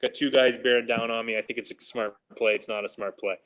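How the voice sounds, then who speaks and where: A former hockey player in his forties telling animated, casual stories on a podcast and acting out what his coaches said. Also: mid-range voice, quick pace, rough recording. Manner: animated anecdotes, laughing, quoting coaches. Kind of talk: casual storytelling.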